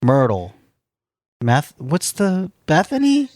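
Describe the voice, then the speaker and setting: A young man chatting casually on a podcast, rambling from one thought to the next and swearing freely. His pitch swings widely as he talks, and laughter keeps breaking in. The sound is dry and close, with no room around it. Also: wildly swooping pitch, takes it slowly, a little mellow, dry recording. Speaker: podcast co-host. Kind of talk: casual chat.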